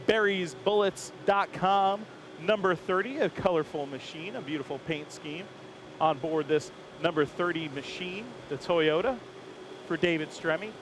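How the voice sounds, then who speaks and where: A man's voice: a little high, a bit bright. A man hosting a walking tour of a race garage, chatting upbeat and joking with crew members outdoors. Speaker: host. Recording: faint outdoor background noise.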